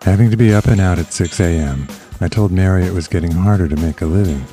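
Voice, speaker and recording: A man reading a suggestive letter as an adult male lover, in a slow, teasing delivery. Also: low-pitched, warm tone, soft background music, natural voice.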